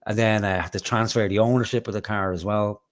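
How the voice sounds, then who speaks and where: Irish male host, very low voice, casual profane storyteller. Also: fairly even intonation, fairly quick. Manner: swearing, rambling anecdotes with acted-out quotes. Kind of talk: casual live-stream chat, storytelling.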